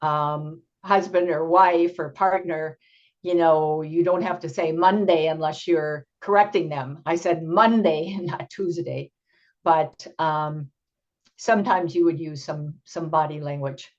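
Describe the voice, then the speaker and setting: An older woman presenting an online teaching workshop, explaining slowly and patiently with frequent ums, heard over a video call. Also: sits low, steady tone. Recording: dull lo-fi video call audio.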